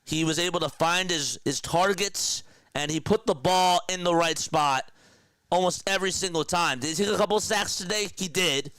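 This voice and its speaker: Excitable man on a live sports stream. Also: high-pitched, normal speed, smooth, no echo, clean studio sound. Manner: excited, rambling, emotional fan talk. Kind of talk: casual live-stream chat.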